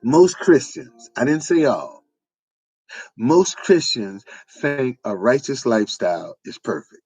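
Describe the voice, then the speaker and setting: A man's voice: medium pitch, very animated, a little slow, a little mellow, slightly rough, no room sound. A man, delivering an informal preaching monologue with repetitive, emphatic phrasing. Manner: repetitive, emphatic, folksy street-preacher cadence. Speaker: online preacher.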